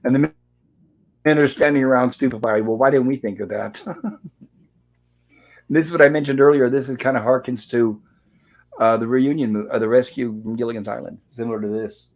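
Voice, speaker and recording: A man's voice: mid-range voice, fairly even intonation, normal speed, pauses often, a little mellow. A man hosting a casual recap show, retelling scenes and reading the characters' lines aloud in an easygoing way. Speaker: show host. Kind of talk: casual episode recap chat.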